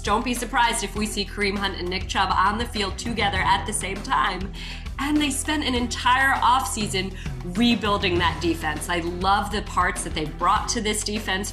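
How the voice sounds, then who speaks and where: A woman giving a confident, upbeat take on a sports show panel. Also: mid-range voice. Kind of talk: sports debate.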